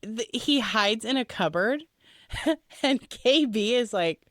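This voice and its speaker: Woman, 30s, podcast co-host, bouncy high voice, laughs a lot. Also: takes it slowly, no echo, clean studio sound. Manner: lively, laughs often, acts out quotes. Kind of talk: casual chat.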